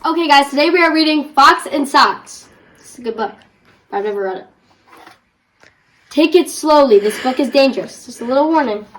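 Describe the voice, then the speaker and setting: A woman's voice: high voice, expressive, normal speed, pauses often, a bit bright, poor audio. A woman reading a children's rhyming book aloud as a guest reader, playfully joking about stumbling over the tongue twisters.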